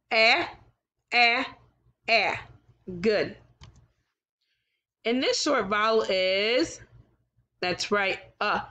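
A woman's voice: a little high, fairly bright tone. A woman teaching a recorded kindergarten lesson, encouraging the children and sounding out letters one by one.

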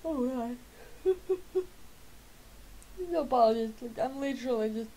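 Sleepy late-20s woman rambling through her gaming vlog at home, kinda high voice, soft mellow tone. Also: measured pace, husky, low-quality recording. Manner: rambling, chatty, self-correcting. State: sleepy, just woke up. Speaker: vlogger and gamer. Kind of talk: casual chat.

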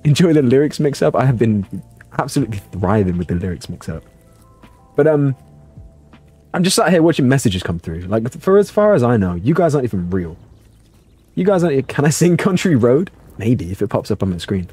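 A man's voice: mid-range voice, a little fast, slightly rough, soft background music. A young man, streaming a game from his bedroom with self-mocking, playful commentary. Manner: animated, self-mocking, bursts into playful singing. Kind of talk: livestream gaming commentary.

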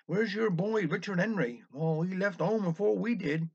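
A man's voice: high-pitched, moderate pace, a little mellow, slightly rough. A man doing a gossiping old Cornish village woman. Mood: gossipy. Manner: chatty, grumbling. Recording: dull lo-fi recording.

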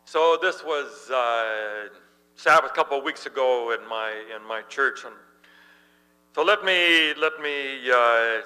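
Animated male pastor, bright voice, humming background. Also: medium pitch, clear, resonant tone, long reverb tail, poor audio. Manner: animated storyteller, laughs while telling. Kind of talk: sermon with storytelling. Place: church.

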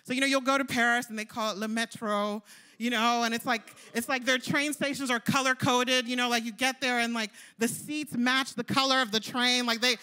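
A young woman delivers a sermon with a high, bright voice. She talks in a loose, conversational way, spinning stories and leaning on "like" and "you know" as she goes. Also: fairly even intonation, fairly quick, clear, resonant tone. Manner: chatty, storytelling, lots of "like" and "you know". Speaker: preacher.

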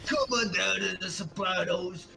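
A man's voice: high voice, fairly even intonation, normal speed, creaky. A man streaming a game, joking around with crude banter and laughter. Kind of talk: casual gaming chat with silly put-on voices.

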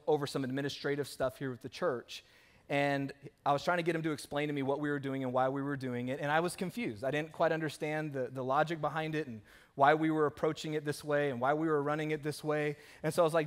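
A man preaching a sermon as pastor, telling stories and acting out the voices of the people in them. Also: fairly high pitch. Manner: animated storytelling, acting out quoted voices. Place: church sanctuary.

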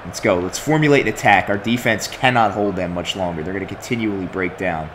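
A man's voice: low voice, a little fast, a bit bright, slight background noise. A young man commenting on his own soccer video game play, complaining and swearing at his team. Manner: exasperated, complaining, swears often. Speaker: gaming commentator.

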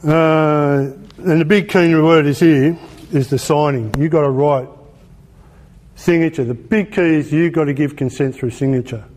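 A man's voice: on the high side, a little slow, darkish tone. An Australian man giving an informal lecture in a colloquial, emphatic way, often asking rhetorical questions. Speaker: presenter.

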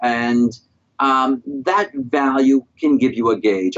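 A middle-aged man answering interview questions as a guest specialist, calm and explanatory. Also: medium pitch, slightly rough, lo-fi sound. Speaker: guest periodontist.

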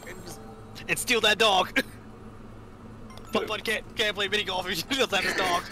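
A man's voice: high-pitched, steady tone, moderate pace, over music, lightly acted. A man voicing a frantic, rambling old male mad scientist who stammers and repeats himself in a rush. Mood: manic.

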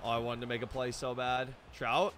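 A young man giving live gameplay commentary, excitable and self-deprecating, breaking into shouts when plays go wrong. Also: mid-range voice, moderate pace, slight background noise. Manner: self-deprecating, hard on himself. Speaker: gaming YouTuber.

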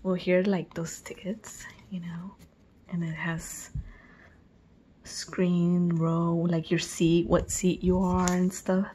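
A woman vlogging an unboxing, gushing with excitement and often dropping into breathy whispered exclamations. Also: lowish voice, slow pace, a little hiss or hum. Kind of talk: unboxing video.

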